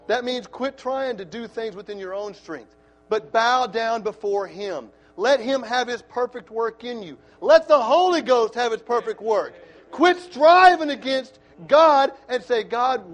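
A middle-aged man preaching a sermon in church, excitable and folksy, breaking into shouts. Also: extremely high pitch.

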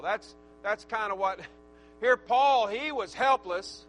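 A male preacher delivering a fervent sermon, swinging from shouted praise to soft, reflective talk. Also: high voice, takes it slowly, soft background music, rough recording. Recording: steady mains hum.

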